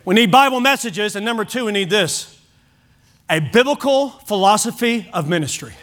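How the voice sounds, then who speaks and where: A man's voice: high voice, animated, moderate pace, fairly bright tone. A man preaching a sermon at a church service, emphatic and repeating key phrases for weight.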